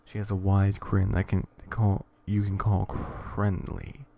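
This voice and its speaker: A man reading an interactive horror story aloud in a hushed, would-be ASMR tone, stumbling over words and stopping to joke. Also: low voice, completely flat delivery, measured pace, creaky. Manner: rambling, stumbles and self-corrects, jokes between lines. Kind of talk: casual reading with asides.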